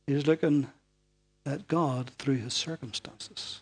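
A man preaching a sermon in a dramatic way, moving from loud, emphatic lines down to hushed, almost whispered ones. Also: on the high side, a little slow, slightly rough.

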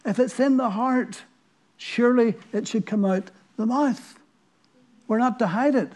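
Northern irish guy preaching, high voice, tells stories, asks lots of questions. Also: unhurried, a little mellow. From Northern Ireland. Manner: storytelling, rhetorical questions, earnest. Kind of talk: sermon.

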